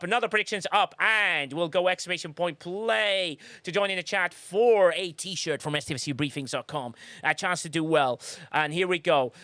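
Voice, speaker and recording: Excitable high-voiced male streamer. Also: dry recording. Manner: jokey, excitable, slips into mock accents. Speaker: streamer hosting a marble race giveaway. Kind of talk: live stream commentary.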